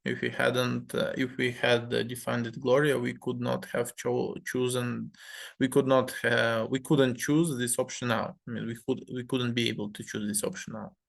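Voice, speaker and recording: A man reading a story game aloud in a measured way, adding his own commentary with fillers. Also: mid-range voice, flat delivery, gravelly.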